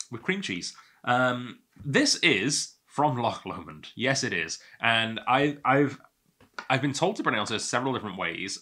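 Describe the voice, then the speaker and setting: A man's voice: lowish voice, sharp tone. A man hosting a whisky tasting, chatting in a rambling, self-amused way as he sips and talks to the camera. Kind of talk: casual tasting monologue.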